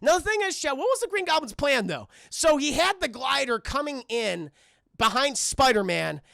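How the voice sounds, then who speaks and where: A young man giving a casual, excitable and profane film review on a live stream, acting out the scenes. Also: very high-pitched, normal speed, vocal fry, no echo, studio quality.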